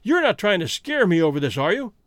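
A man voicing a brash, grieving American outlaw who talks loud and defiant, with an American accent. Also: high-pitched, big pitch swings, a little fast, no echo, studio quality.

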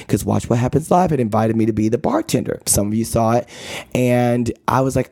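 A man hosting a podcast, telling a story in a chatty, campy, animated way with playful asides. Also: a little fast, no echo, clean studio sound. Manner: animated, campy, chatty, with lots of "okay?" and "girl"; dramatic pitch swings and playful asides. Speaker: podcast host. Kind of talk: casual storytelling monologue.

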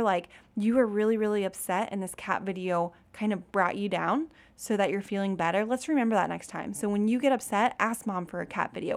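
A woman in her thirties who is a mother, giving casual, chatty parenting advice straight to her viewers, often laughing and saying "you guys". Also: mid-range voice.

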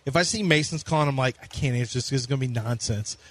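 A man's voice: mid-range voice, fast, fairly bright tone, no room sound. A man co-hosting sports radio, telling self-mocking stories about his son. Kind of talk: casual anecdotal radio chat.

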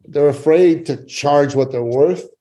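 Warm-voiced male storyteller, emphatic. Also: fairly high pitch, a little slow. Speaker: guest, business coach and author. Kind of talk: storytelling in a podcast interview.

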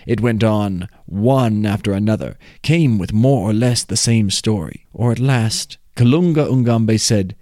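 A man reading a folk tale aloud in a measured, expressive way. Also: on the low side, no echo, clean studio sound. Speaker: storyteller.

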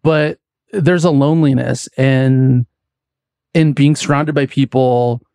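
Man, mid-pitched voice, casual rambling storytelling, podcast guest, dry close recording. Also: fairly even intonation, slow, gravelly, warm tone, clean tone, no room sound. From United States. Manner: rambling, many likes and restarts.

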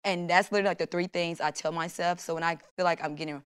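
Young woman guest, a bit low-voiced, animated storyteller. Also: fast, smooth. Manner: animated storytelling, acts out her own thoughts in quotes. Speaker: guest, Olympic long jumper. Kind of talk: casual interview chat.

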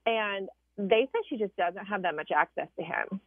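A woman with a Southern US accent, a political correspondent calling in, explaining things in a measured way with some hesitations. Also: medium pitch, no echo. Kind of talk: phone-in interview. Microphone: phone. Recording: tinny dry phone line.

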